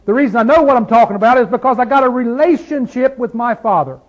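Guy preaching a bible study, kinda high voice, lots of questions at the crowd, gets loud then real quiet, muffled lo-fi audio. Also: expressive, fast. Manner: fervent, rhetorical questions, swings from loud to hushed. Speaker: Bible teacher. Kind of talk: sermon-style Bible study.

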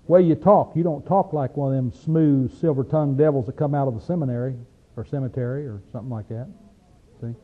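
A man with a Southern hillbilly accent preaching a folksy sermon, asking rhetorical questions and reading scripture slowly. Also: medium pitch. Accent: Southern American hillbilly. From Appalachian region, USA. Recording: tinny phone-like recording.

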